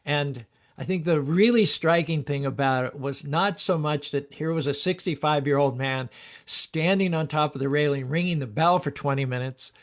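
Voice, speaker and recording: Upbeat male host with a higher voice. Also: moderate pace. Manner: chuckles while recalling, rhythmic chanting when rapping. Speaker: show host. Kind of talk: storytelling then rapping a song.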